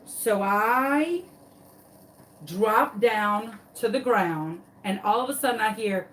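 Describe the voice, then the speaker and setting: A woman's voice: mid-range voice, slow, fairly bright tone, far from the mic, a little hiss or hum, poor audio. A woman, a crafting vlogger telling a dramatic story while she works on a craft tutorial.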